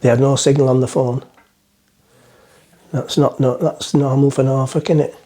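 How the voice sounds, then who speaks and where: A man's voice: medium pitch, flat delivery, moderate pace, mellow. Rambling middle-aged man, chatty and self-mocking. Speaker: vlogger. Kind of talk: casual chat to camera, joke-telling. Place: on the front of a boat, outdoors.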